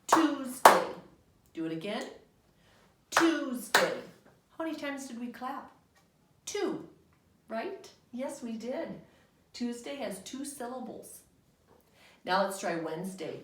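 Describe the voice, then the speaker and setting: Slow, patient woman teaching young children. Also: on the high side, very animated, distant mic, a little hiss or hum. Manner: slow, patient, sing-song teacher talk with call-and-response. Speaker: kindergarten teacher. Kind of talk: remote classroom lesson. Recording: roomy home recording, voice somewhat off-mic.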